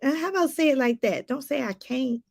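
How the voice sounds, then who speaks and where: High-voiced woman life coach preaching. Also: animated, brisk, vocal fry, darkish tone. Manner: preachy, repeats phrases for emphasis; talks straight to viewers with casual asides. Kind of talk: motivational talk to viewers.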